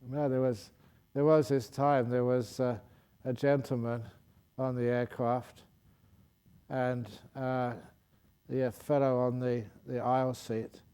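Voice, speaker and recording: Male monk, humorous dharma talk, mellow voice, laughs a lot. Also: medium pitch, little pitch movement, slow, clear, resonant tone. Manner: light-hearted storytelling, laughing often, restarting phrases. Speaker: Buddhist monk and teacher.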